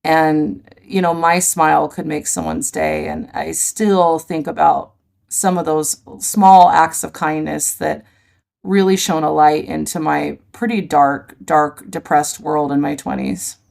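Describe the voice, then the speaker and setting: Gravelly, low-voiced woman telling stories. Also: measured pace. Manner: animated, vivid storyteller, laughs easily. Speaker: podcast guest. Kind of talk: conversational storytelling.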